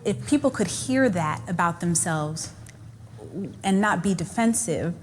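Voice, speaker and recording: A woman speaking as a guest in a panel discussion, measured and earnest. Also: lowish voice, lively intonation, slight background noise.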